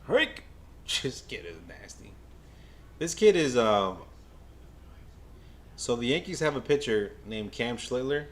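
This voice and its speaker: Excitable man calling the game for chat. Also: medium pitch, unhurried, pauses often. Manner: excitable, stammering, talks to the chat. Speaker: fan livestreamer doing play-by-play. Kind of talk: casual live game watch-along commentary.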